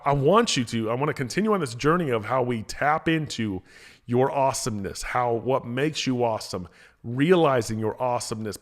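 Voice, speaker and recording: A man hosting a motivational podcast, talking casually with energy, often repeating himself and restarting phrases. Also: mid-range voice. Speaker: podcast host, motivational speaker.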